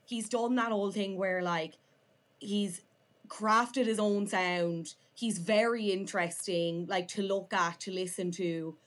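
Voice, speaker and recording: A woman's voice: medium pitch, steady tone, slow. A young woman with an Irish accent, chatting as a podcast guest, her talk full of "like" fillers. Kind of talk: casual chat.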